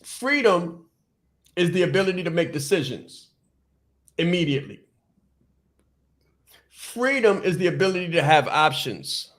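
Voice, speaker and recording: A man hosting a podcast, giving a fast, emphatic motivational talk, repeating his points and stumbling over words without stopping. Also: on the high side. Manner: fast, repetitive, emphatic preaching. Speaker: podcast host and business coach. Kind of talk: motivational speech.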